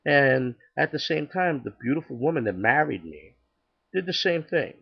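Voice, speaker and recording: Gravelly older man telling his story. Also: mid-range voice, big pitch swings, moderate pace, highs cut off. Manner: chatty, acts out dialogue, many restarts. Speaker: storyteller sharing his testimony. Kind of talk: casual personal testimony.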